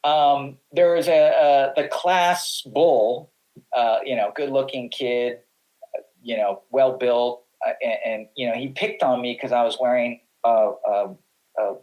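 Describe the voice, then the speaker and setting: A middle-aged pro surfer, appearing as a podcast guest, tells long, casual stories full of restarts and acted-out quotes. His voice is medium-pitched, steady and a little slow, with a darkish tone, and the audio is poor.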